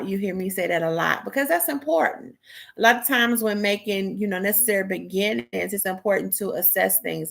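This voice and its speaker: A woman's voice: medium pitch, a bit bright. A middle-aged woman giving a motivational mentoring talk, encouraging and repetitive, with many fillers. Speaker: mentor and prevention advocate.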